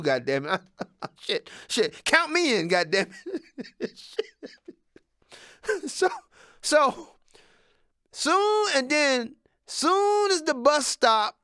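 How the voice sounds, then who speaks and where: Brief: sixty-something male comic, high voice, foul-mouthed and rambling, dry close sound. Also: clean tone, no room sound. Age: 60s. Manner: profane, rambling, animated. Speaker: comedian. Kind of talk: stand-up monologue.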